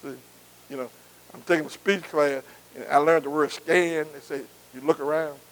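A male preacher speaks at a moderate pace in a slightly high, steady voice, heard through a rough recording. Preaching his sermon emphatically and repetitively, he keeps prompting the congregation to respond, complete his phrases, and declare they're with him.

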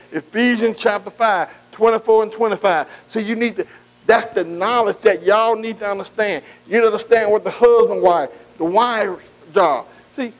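Pastor, male, high voice, call-and-response preacher who quizzes his congregation from the pulpit. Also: low-quality recording. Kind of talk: sermon. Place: church.

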